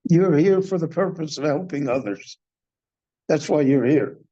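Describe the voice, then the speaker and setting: An older rabbi teaches a Torah class at a very slow, measured pace. His voice sits somewhat high for a man, and he poses questions before answering them. The synagogue recording sounds dull and lo-fi. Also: lively intonation, dark tone. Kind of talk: slow, deliberate Torah lecture.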